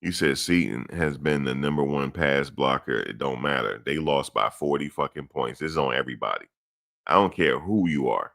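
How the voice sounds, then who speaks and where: A middle-aged man hosting sports commentary goes on a blunt, blustery rant, repeating himself and speaking directly to his audience. His very deep voice is gravelly and a bit bright, with lively intonation at a moderate pace.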